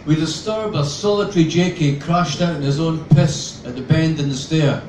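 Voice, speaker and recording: A man reads his own novel aloud with a dry, sardonic edge. His voice sits a little high for a man. The sound is roomy and picked up from a distance, with faint ambience behind. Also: moderate pace, darkish tone, a little hiss or hum. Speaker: author reading.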